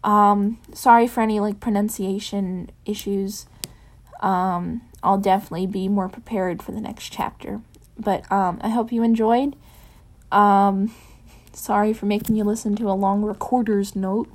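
A woman reads a fan fiction chapter aloud in a soft, unhurried voice. Afterwards she drops into a casual, rambling chat with her listeners, full of ums. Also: medium pitch, steady tone. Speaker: fanfiction reader. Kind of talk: audiobook narration of fan fiction.

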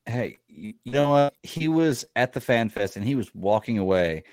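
A man's voice: medium pitch, expressive, moderate pace, darkish tone, no room sound. A man hosting a casual podcast, joking around and laughing easily as he chats with his co-hosts. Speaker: podcast host.

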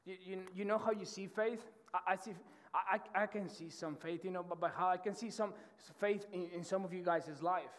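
Male pastor, high voice, fervent sermon delivery with lots of restarts; long hall reverb. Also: steady tone, a little fast, few pauses. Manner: passionate, fervent preaching; repeats words and restarts often. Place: church auditorium.

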